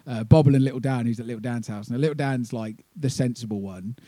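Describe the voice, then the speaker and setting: A man's voice: mid-range voice, quick pace, mellow, no room sound. Swearing man telling road stories. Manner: rambling, swearing, laughing anecdotes. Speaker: touring band member. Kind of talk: casual storytelling chat.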